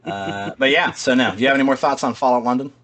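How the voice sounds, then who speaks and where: A man's voice: medium pitch, quick pace, fairly bright tone. A man co-hosting a podcast in casual chat, rambling, swearing freely and laughing often. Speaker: podcast co-host.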